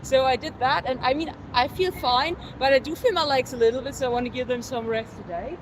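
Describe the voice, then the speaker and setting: A woman live-streaming her outdoor workout, chatting with viewers and counting reps out loud, a little winded at times. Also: high voice, fairly quick. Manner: chatty, reads viewer comments aloud between sets. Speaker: fitness vlogger. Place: outdoors in a city. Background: faint traffic and street noise.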